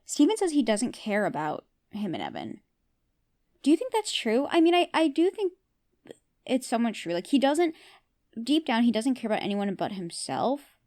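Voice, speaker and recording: A woman's voice: a little high, very animated, normal speed, a little mellow. A woman hosting a podcast who recaps a TV episode in a casual, opinionated way and often asks her listeners questions. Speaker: podcast host.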